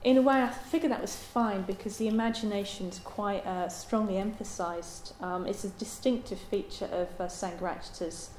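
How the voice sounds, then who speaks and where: A woman giving a Buddhist dharma talk in a halting, thoughtful way, with many pauses and ums. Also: medium pitch, darkish tone, slight background noise. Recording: roomy echo.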